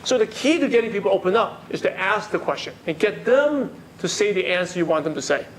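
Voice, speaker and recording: This animated man talks quickly in a high voice while leading a live sales workshop for an audience in a meeting room. He poses questions and repeats what people answer, with a little hiss or hum on the recording.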